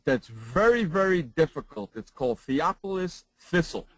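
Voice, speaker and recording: A man who works as a broadcast voice trainer, talking in a casual studio chat and jumping high in pitch mid-sentence. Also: lively intonation, normal speed, dry recording, rough recording.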